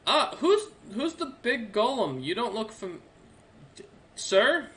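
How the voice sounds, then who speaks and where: Man putting on a young guard, high and bright, eager and friendly, full of questions, tabletop game. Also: big pitch swings, slow pace, heavily acted. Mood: excited, friendly. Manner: friendly, chatty, curious.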